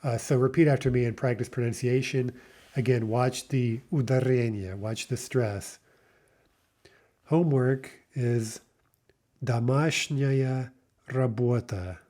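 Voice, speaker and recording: A man teaching a vocabulary lesson, saying each word slowly and repeating it, with patient explanations. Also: mid-range voice, steady tone, mellow. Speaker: language teacher.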